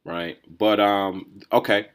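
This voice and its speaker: A man hosting a solo podcast, riffing in a rambling, think-out-loud way with lots of restarts and "right?" tags. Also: on the low side, steady tone, takes it slowly, smooth. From New Jersey or New York area, USA. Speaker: podcast host. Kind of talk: casual solo commentary.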